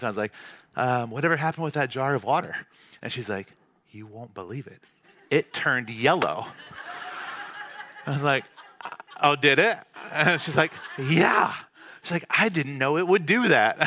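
A man's voice: mid-range voice, bright, forceful tone, no echo. A man, a pastor telling a family story in a casual, chatty way before his sermon. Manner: casual storytelling, acts out dialogue. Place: church hall.

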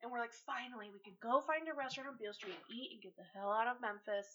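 A woman co-hosting a podcast, telling a family story in casual chat, animated and swearing freely as she acts out quotes. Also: a little high, fast talker, lo-fi sound, slight background noise. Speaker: podcast co-host.

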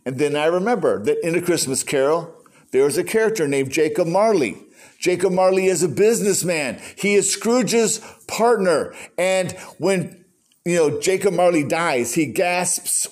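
A man's voice: fairly high pitch, expressive, normal speed, a little mellow. An older man preaching a sermon in a conversational storytelling way, acting out quotes. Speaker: pastor.

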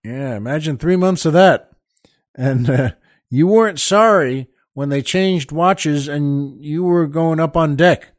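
A man's voice: fairly high pitch, slow, no room sound. A man hosting a comedy podcast, telling a joke in a rambling, folksy way with many hesitations. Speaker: podcast host. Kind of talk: comic storytelling and joke telling.

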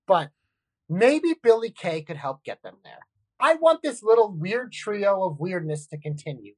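A woman co-hosting a casual wrestling podcast, animated and blunt, with quick asides and casual swearing. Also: mid-range voice, slightly rough, no echo, low-quality recording. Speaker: podcast co-host.

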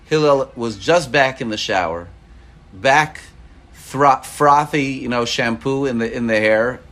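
A man teaching a religious class as an animated storyteller who acts out quoted dialogue. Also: medium pitch, measured pace. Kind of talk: Torah class lecture.

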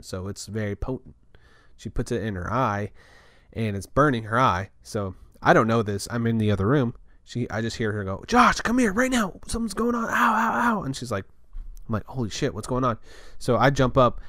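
A man's voice: lowish voice, a bit bright, no echo, studio quality. A young man hosting his own show, rambling casually through food tips and a story about his week, swearing now and then. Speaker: podcast host.

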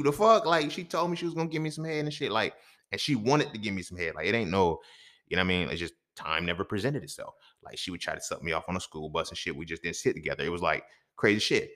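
Man, low voice, lively swinging pitch, podcast host, casual street-slang storytelling, swears freely. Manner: profane, animated, restless storytelling with slang.

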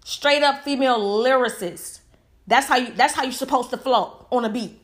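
A woman's voice: a little high, normal speed. A woman giving a heated, emphatic opinion monologue full of rhetorical questions. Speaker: commentator.

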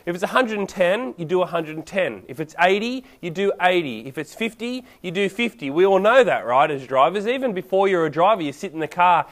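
A man preaching a sermon in a casual, animated storytelling way. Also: sits high, fairly quick, hardly any pauses.

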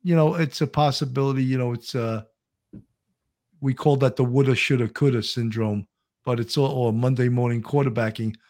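A man's voice: medium pitch, steady tone, moderate pace, darkish tone. A man, co-hosting a casual live-stream chat and reading out viewer comments. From Brooklyn, New York. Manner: chatty, reads viewer comments aloud. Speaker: co-host.

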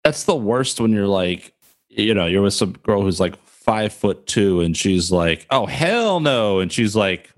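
Low-voiced man with wry humor. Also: unhurried. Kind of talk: casual chat.

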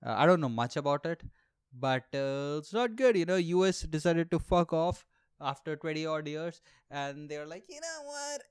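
A man's voice: on the high side, normal speed, clean tone. A young man hosting a solo comedy podcast, ranting loosely and swearing freely. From India. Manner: animated, swearing, jumps into mock voices. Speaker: podcast host, stand-up comedian.

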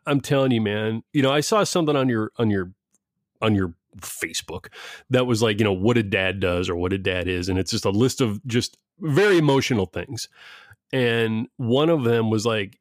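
In a casual conversation about schooling, a middle-aged dad rambles, often restarting and laughing. He has a medium-pitched voice, recorded dry with studio quality.

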